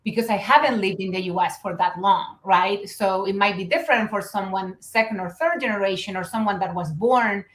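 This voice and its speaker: A woman's voice: medium pitch, a little fast, few pauses, roomy sound. A woman from Chile with a Chilean Spanish accent, a guest speaking earnestly and reflectively, with many fillers. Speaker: guest, business founder. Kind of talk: conversational interview.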